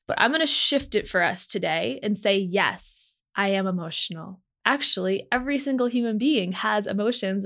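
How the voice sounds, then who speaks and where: A woman's voice: medium pitch, a bit bright. A young adult woman hosting a podcast, talking in an earnest, affirming way with emphatic declarations. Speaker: podcast host. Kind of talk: motivational podcast monologue.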